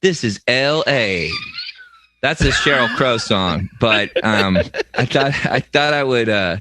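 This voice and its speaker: A man's voice: medium pitch, animated, takes it slowly, bright, forceful tone, dry recording. A man co-hosting a comedy podcast, riffing jokes and repeating words as he goes. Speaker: podcast co-host.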